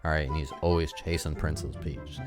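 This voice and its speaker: A man's voice: extremely low pitch, level tone, fairly quick, music in the background. A man giving casual reaction commentary, sarcastically arguing back at critics and rambling with restarts. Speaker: YouTube movie commentator.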